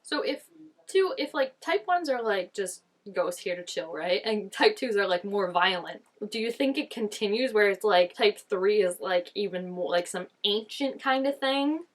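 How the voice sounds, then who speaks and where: A woman's voice: medium pitch, expressive, moderate pace. A woman casually reacting to a TV episode, chatty and gushing, with lots of "like" fillers. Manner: chatty, gushing, peppers speech with "like".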